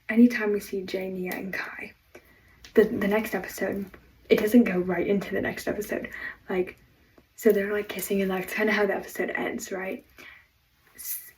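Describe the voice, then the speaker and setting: A woman delivering an excited, rambling fan rant, full of fillers, on a personal mic. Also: mid-range voice, far from the mic, low-quality recording. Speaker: fan vlogger.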